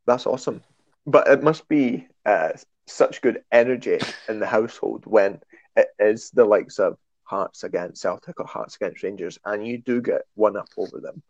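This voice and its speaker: A Scottish man chatting casually on a podcast, telling stories with a self-deprecating, animated manner. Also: fairly low pitch, moderate pace, dry recording, muffled recording. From Scotland. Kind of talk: casual chat.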